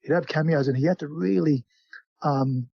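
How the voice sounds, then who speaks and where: A man's voice: on the high side, normal speed, creaky, husky, dry recording, muffled recording. A man in his forties, a guest telling rambling stories in casual podcast chat, with many restarts. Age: 40s.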